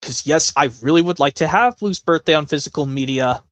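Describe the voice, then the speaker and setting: Male streamer, casual and rambling, fairly high voice, dry and close. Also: a little fast, a bit bright, dry recording. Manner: rambling, many self-corrections. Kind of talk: casual live-stream chat.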